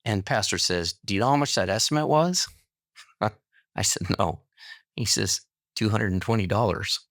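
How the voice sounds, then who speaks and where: On a podcast, a middle-aged guest with a fairly low-pitched voice speaks at a moderate pace in echo-free studio quality. He animatedly tells a casual personal story, performing the dialogue.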